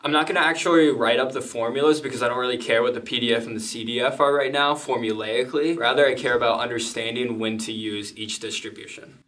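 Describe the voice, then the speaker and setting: A man's voice: mid-range voice, fairly even intonation, fast, few pauses, a bit bright. Man explaining statistics, slightly distant mic. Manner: plain, methodical explaining with casual asides. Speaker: statistics teacher. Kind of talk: explanatory lesson.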